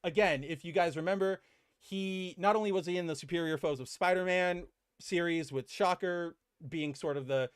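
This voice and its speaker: Animated man recapping comics. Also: high voice, normal speed, smooth, no room sound, studio quality. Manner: animated, acts out characters' lines. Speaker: podcast co-host. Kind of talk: casual comic book discussion.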